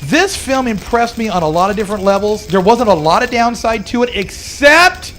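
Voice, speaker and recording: A man co-hosting a radio show, talking in an emphatic, animated way and repeating words as he argues about a film. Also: sits high, moderate pace. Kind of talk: casual debate chat.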